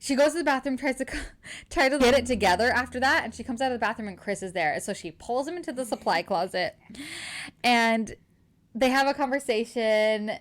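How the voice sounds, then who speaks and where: A woman with a fairly high pitch and a brisk pace co-hosts a podcast, casually recapping a novel's plot. She's an animated storyteller who acts out the dialogue and says "like" a lot.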